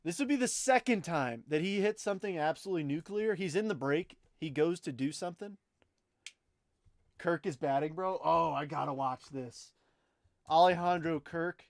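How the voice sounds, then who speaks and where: A young man runs a live card break in a slightly high voice. He rattles off an easy stream of commentary and calls out to his viewers by name. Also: moderate pace, no room sound, clean studio sound. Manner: chatty, excitable, talks to chat viewers by name.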